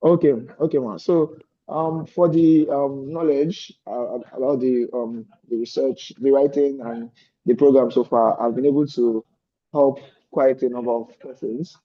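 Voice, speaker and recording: A man's voice: mid-range voice, fairly even intonation, a little slow. A man giving a hesitant update on an online call, with many fillers. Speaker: fellowship student. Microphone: video call. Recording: dull lo-fi call audio.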